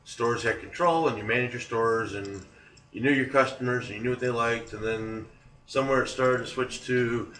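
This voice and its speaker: A man in his forties hosts a talk show and tells stories in a loose, rambling way. His voice is bright and sharp, and it is heard from some distance in an echoey room. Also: mid-range voice, normal speed, a little hiss or hum. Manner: loose, rambling storytelling with chuckles. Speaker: podcast host. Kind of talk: casual storytelling chat. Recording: echoey room, far from mic.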